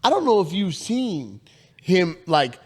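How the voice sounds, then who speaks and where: A man co-hosting a casual podcast, telling work stories full of swearing. His voice rises and falls widely, and his pitch sits a little high for a man. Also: unhurried, husky. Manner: animated, profane, laughs hard while telling stories. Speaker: podcast co-host. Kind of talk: casual storytelling chat.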